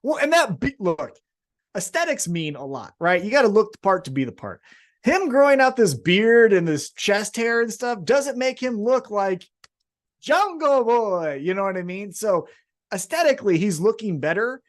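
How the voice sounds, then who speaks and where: A man co-hosting a podcast, recapping wrestling in casual, profane, animated storytelling. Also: sits high, normal speed. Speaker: podcast co-host.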